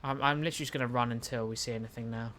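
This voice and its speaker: A young man with a British accent chats loosely on a live game stream, tripping over his words and replying to chat as he goes. His voice sits at a middle pitch, and a faint hiss of noise hangs behind him. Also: fairly even intonation, very fast, fairly bright tone. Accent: British English. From United Kingdom. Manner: rambling, stumbling restarts, reads and answers chat. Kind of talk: casual live-stream chat while gaming.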